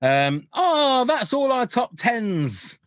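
Lively man bantering on a podcast. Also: very high voice, slow, no echo, clean studio sound. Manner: jokey, laughs often, mimics swear words. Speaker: podcast co-host.

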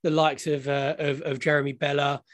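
A man's voice: on the high side, level tone, normal speed, a bit bright, no echo. Rambling man, dry close sound. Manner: rambling, jokey, many restarts. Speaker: podcast co-host. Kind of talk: casual fan podcast chat.

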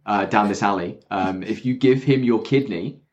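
A man's voice: on the low side, moderate pace, darkish tone, muffled recording, voice pushed down, lightly acted. A man voicing a bossy, aggressive mobster version of a girl trainer, demanding money in a pushy, scheming way.

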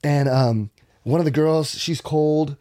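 A man telling a long profane story in casual podcast talk, animated, dropping to whispers and jumping high to quote people. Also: slow pace. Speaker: podcast guest.

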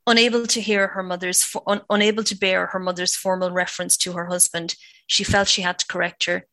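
A woman author reading from her own novel in a measured, steady way. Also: fairly low pitch, dry recording.

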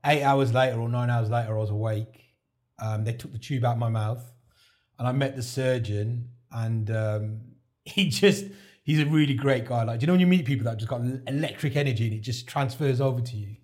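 A man's voice: medium pitch, fairly quick, darkish tone. Chatty man telling his story. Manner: chatty, relives events by acting out quoted dialogue. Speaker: podcast guest, heart transplant recipient. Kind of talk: casual interview storytelling.

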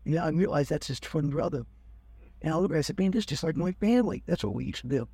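A man's voice: a little high, expressive, quick pace, vocal fry, mellow, breathy edge, no room sound. An older man telling a rambling personal story in casual talk, acting out the people he quotes. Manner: rambling, acts out quoted officers. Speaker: guest telling his life story.

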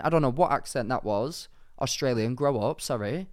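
A man's voice: medium pitch, lively intonation, normal speed, darkish tone. A man co-hosting a casual podcast, teasing his partner in a mock-offended, theatrical way. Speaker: podcast co-host.

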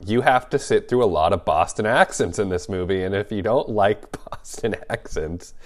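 A man's voice: lowish voice, normal speed. A man co-hosting a movie podcast in casual chat, joking and playful. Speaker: podcast co-host.

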